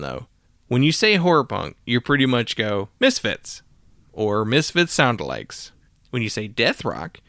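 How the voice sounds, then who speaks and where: A man's voice: medium pitch, fairly bright tone, dry recording. A man talks through a music podcast in a loose, casual way, full of fillers and side comments. His voice sits in a middle range. The recording is dry and close, with no room sound. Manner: casual, rambling with frequent fillers. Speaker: podcast host. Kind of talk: solo music podcast monologue.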